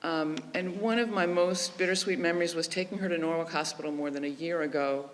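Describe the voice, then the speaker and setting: A woman's voice: lowish voice, fairly quick. A woman speaking at a memorial service, telling heartfelt personal stories and quoting others in her own voice. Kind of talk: personal eulogy with anecdotes. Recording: reverberant hall with faint ambience.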